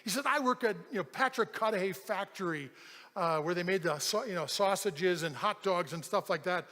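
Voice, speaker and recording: High-voiced pastor in an echoing hall. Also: male voice, normal speed. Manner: animated storyteller, acts out quoted voices. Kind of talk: storytelling sermon. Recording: large hall with long reverb.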